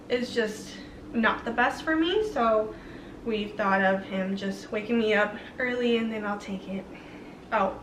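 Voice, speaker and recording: A woman's voice: fairly high pitch, bright, forceful tone, a little hiss or hum. A young woman vlogger chatting casually to camera, rambling with lots of fillers. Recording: roomy, slightly distant mic.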